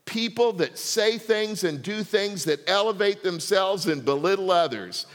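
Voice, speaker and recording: A man's voice: high-pitched, lively intonation, unhurried, big-room sound. A middle-aged male pastor giving a conversational sermon, often checking in with the congregation. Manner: conversational preaching, asks the congregation for responses.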